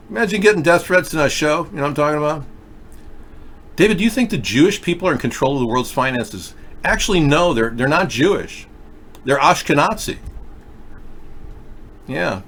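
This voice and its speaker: A man's voice: mid-range voice, fairly bright tone, a little hiss or hum. A man hosting a live call-in talk show, rambling and conspiratorial as he talks to callers. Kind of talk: rambling live-stream commentary.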